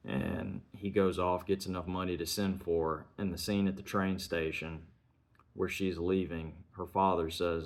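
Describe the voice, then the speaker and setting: A man reviewing a film, retelling its scenes in an earnest, measured way and chaining sentences with "and". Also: sits low.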